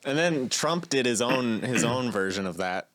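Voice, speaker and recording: A young man co-hosting a comedy podcast, joking quickly and animatedly. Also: medium pitch, animated, fairly bright tone, no room sound. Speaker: podcast co-host. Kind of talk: casual comedic chat.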